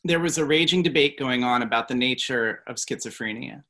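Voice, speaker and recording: Author guy answering questions, bright voice, mid pitch, talks in long flowing stretches. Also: a little fast. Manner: speaks fluently, with some restarts and fillers. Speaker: author, guest. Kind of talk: interview answers.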